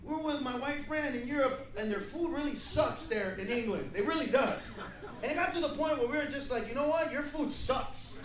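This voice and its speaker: Brash profane male stand-up comic, high voice. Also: a little fast. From United States. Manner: brash, profane, acts out characters with shouted voices. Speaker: stand-up comedian. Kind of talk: stand-up comedy set. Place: comedy club stage, laughing audience. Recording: echoey live club recording from a distance.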